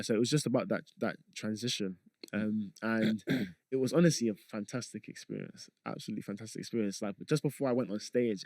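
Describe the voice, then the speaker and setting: A young man talking as a guest on a podcast, relaxed and rambling, with frequent fillers. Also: on the low side, no echo. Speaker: guest, content creator. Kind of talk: casual podcast chat.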